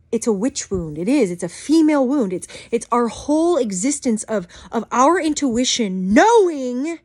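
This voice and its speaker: A woman in a heated, swearing rant to camera as a vlogger, swinging between loud outbursts and muttered asides. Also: fairly high pitch, dry recording.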